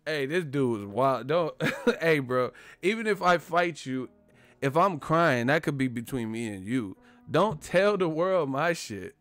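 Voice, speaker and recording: A man hosting a casual boxing chat, talking in an animated, joking and profane way. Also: a little high, unhurried, no room sound. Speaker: boxing commentary host.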